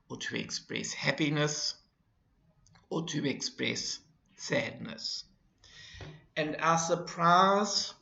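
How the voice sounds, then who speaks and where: A man explains an English exercise at a very slow, careful pace, his voice heavy with fry. The sound is roomy and echoing, with a dull, lo-fi quality. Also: medium pitch, bright, forceful tone. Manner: deliberate, with acted example phrases. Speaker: English teacher.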